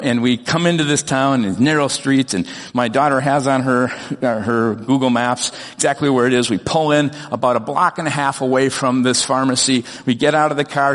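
A middle-aged man preaches, recounting a personal story in an earnest, animated way and often restarting his sentences. His voice sits at an ordinary middle pitch. The sound carries a long reverb, as in a large church hall. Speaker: pastor. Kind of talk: storytelling sermon.

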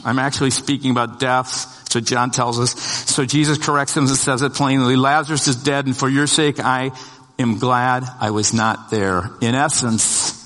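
A man's voice: steady tone, moderate pace, a bit bright. A male pastor preaching a sermon in a conversational, storytelling way, voicing the lines of the people in the story and building to emphatic peaks. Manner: conversational storytelling, restarts, voices the disciples' lines; rises in pitch and volume to emphatic peaks. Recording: long hall reverb.

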